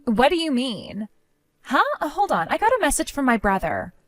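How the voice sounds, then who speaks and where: A woman's voice: sits high, very animated, moderate pace, a bit bright, no room sound, soft background music. A woman voicing a spiteful young woman, the groom's sister, who talks in a mocking, dismissive way. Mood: confused.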